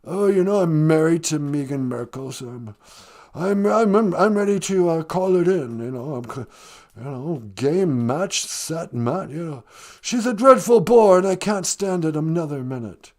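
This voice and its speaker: A man's voice: fairly high pitch, lively intonation, moderate pace, a little mellow, close to an everyday voice. A man doing a comic impression of a fussy English prince, with a put-on English accent, hesitant and stammering. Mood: weary.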